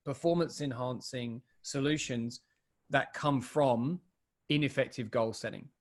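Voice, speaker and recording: Chatty British man with Australian tinge. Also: medium pitch. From England. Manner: chatty, with many fillers and restarts. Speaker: co-host. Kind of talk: casual business chat.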